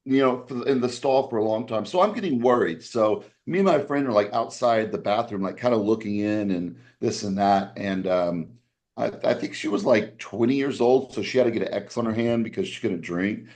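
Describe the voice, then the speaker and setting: A man casually telling a long story on a podcast, rambling with restarts and acting out other people's lines in a raised voice. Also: moderate pace. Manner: animated, acts out quoted voices with raised pitch.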